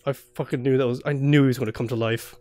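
A man's voice: mid-range voice, steady tone, fast, warm tone, soft background music. A young man playing a horror game blind, jumpy and swearing, laughing nervously as he talks through the scares. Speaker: let's play host.

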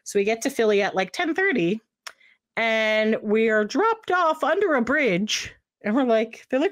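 A woman's voice: fairly high pitch, normal speed. A woman co-hosting a podcast, telling a travel story in casual chat and acting out the people she quotes. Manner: animated storyteller, acts out quotes in voices. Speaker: podcast co-host.

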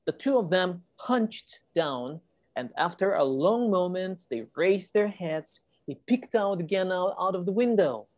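A woman's voice: fairly low pitch, animated, a little slow, a little mellow, no room sound. A woman teacher reading a storybook aloud to children on a video call and patiently explaining the words.

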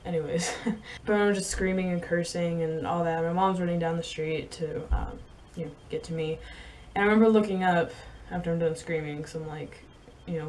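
A young woman vlogging, telling a story in a rambling, halting way with many fillers and soft laughs. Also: fairly low pitch, slight background noise. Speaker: vlogger and horse rider. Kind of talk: casual storytelling to camera.

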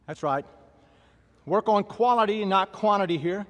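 A man's voice: sits high, normal speed, big-room sound. A man with a Southern American accent leading a workout class, barking drill-style commands and counting repetitions. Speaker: fitness instructor. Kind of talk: workout instruction.

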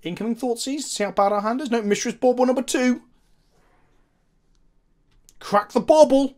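A man's voice: very high voice, fairly even intonation, fast talker, darkish tone. A man commenting on his own card game as he plays, thinking aloud, asking the viewers questions and swearing now and then. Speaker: host, gameplay commentator.

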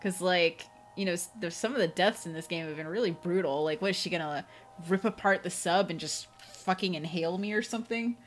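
A woman's voice: on the low side, fairly quick, soft background music. Jumpy, swearing woman playing a game. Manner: jumpy, profane, laughing reactions. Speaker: let's play gamer. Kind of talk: live gameplay commentary.

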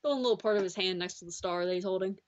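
Co-host: woman, mid-pitched, chatty and teasing, slightly dull muffled recording. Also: rapid-fire. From Scotland. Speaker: co-host and friend. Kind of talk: casual chat.

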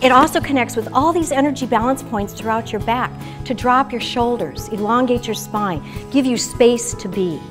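Middle-aged woman teaching a self-care flow, calm and upbeat, slightly high voice, faint music behind. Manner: calm, guiding, enthusiastic. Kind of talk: guided instruction and storytelling.

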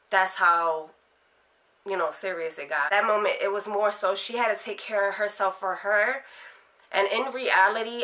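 Bright-voiced young woman telling her story. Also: mid-range voice. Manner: casual, frank, many fillers like "like" and "um". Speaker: interviewee. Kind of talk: candid personal storytelling.

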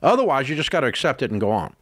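Male call-in host, blunt and folksy, plain mid pitch, dry close studio sound. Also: big pitch swings, very fast, a bit bright, dry recording. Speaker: radio show host giving financial advice. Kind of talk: call-in advice show.

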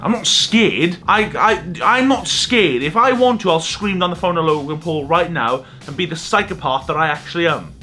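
A man in his twenties with a Welsh accent, vlogging from a hotel room, swinging from loud shouting to mumbled asides. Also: on the high side, animated, moderate pace, hardly any pauses, faint music behind. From Wales. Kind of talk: comedic vlog monologue.

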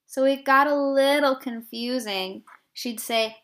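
A woman teaching a kindergarten phonics lesson, sounding out short words deliberately and drawing them out for young children. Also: sits high, fairly bright tone.

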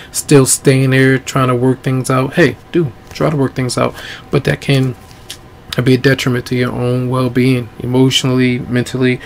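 A man giving a casual tarot reading, easygoing and rambling, his voice going hoarse. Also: mid-range voice, slight background noise. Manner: easygoing, rambling with many ums. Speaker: tarot reader.

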